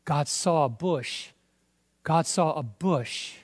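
A man with a New York accent preaching a sermon, emphatic, with sudden loud stresses on key words. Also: on the high side, slow pace. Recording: long hall reverb.

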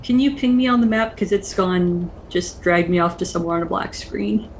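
A woman playing in a tabletop game, talking earnestly and encouragingly, sometimes in quick bursts. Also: lowish voice, slight background noise. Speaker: player.

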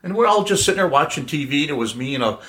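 A man's voice: on the high side, expressive, very fast, fairly bright tone. A middle-aged man telling a story casually to family, with a playful, laugh-prone manner. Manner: laughs often, playful prankster. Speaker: guest storyteller.

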